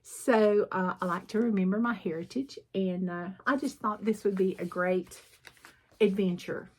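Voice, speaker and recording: A middle-aged woman with a Southern accent chatting casually as she shows her cross stitch projects, rambling a little and often clearing her throat. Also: medium pitch, fairly even intonation, moderate pace, darkish tone. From southern United States. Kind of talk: casual chat showing needlework projects.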